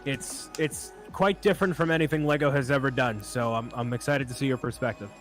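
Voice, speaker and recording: A man's voice: mid-range voice, a little fast, faint music behind. A man joining a live stream as a guest, chatting easily and reading out viewer questions. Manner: easygoing, reads chat questions aloud. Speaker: guest co-host. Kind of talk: casual live-stream chat.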